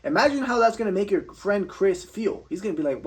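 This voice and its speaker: A man's voice: sits high, expressive, fast talker, hardly any pauses, fairly bright tone. A young man giving a blunt, profane motivational rant, swearing constantly and tripping over repeated words. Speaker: vlogger.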